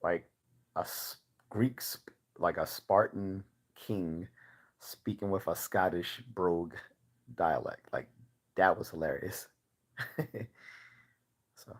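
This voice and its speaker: Man, very low voice, casual livestream host, chatty, laughs and restarts a lot. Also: slow, pauses often, husky. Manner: chatty, laughs at own stories, stumbles and restarts.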